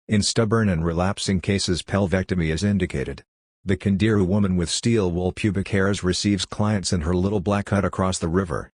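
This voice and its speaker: Man, deep low voice, literary reading, even and unhurried, dry close sound. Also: dry recording. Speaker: reader.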